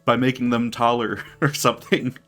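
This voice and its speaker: A man's voice: mid-range voice, flat delivery, normal speed, a bit bright. A man co-hosting a podcast in casual chat, rambling and hedging his points, with faint music behind. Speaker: podcast co-host.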